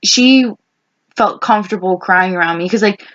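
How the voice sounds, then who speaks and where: Chatting with her best friend on their podcast, a young woman in her twenties rambles along with frequent restarts and quoted asides. Her mid-range voice is a bit bright and moves at a normal speed, though the lo-fi audio sounds dull.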